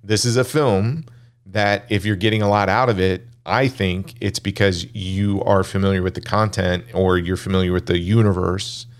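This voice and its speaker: A man's voice: sits low, fairly even intonation, moderate pace. A man in a casual film discussion, skeptical and critical as he pushes back on points.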